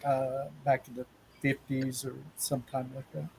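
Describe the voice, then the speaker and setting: Flat-voiced man hosting a paranormal podcast. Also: medium pitch, normal speed, creaky, husky. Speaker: podcast host. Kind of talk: casual interview chat.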